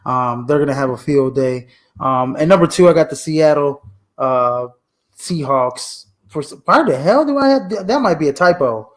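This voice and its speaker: High-voiced, animated man on a sports podcast. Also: normal speed. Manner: animated, blunt, mild swearing, laughs at himself. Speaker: co-host giving fantasy football rankings. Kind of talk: casual sports podcast talk.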